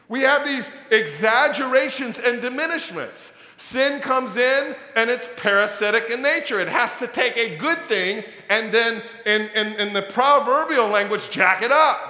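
A male pastor preaches with emphatic, repetitive force, his voice pitched high and bright. He sometimes slips into acted-out voices to make a point. The sound carries a long, echoey church-hall reverb. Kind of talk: sermon.

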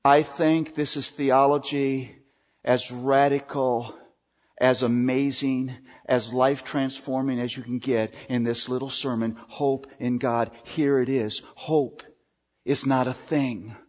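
A male pastor preaching a sermon in an emphatic way, drawing out key words with pauses. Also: medium pitch, fairly even intonation, darkish tone. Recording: dull recording with long hall reverb.

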